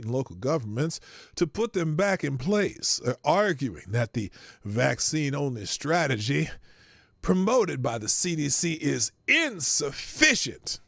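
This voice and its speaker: Male show host, sarcastic news reader, gravelly, very animated delivery, dry close sound. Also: medium pitch, no room sound. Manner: sarcastic, stumbles over words and laughs at himself. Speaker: podcast host. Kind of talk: reading news aloud with sarcastic commentary.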